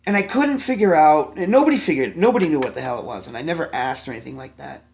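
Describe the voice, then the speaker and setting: A man's voice: fairly high pitch, animated, fast, vocal fry, a little mellow. A man in his forties, a chef, telling kitchen stories in a rambling, profane, casual way, full of ums and restarts. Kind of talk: casual storytelling to camera.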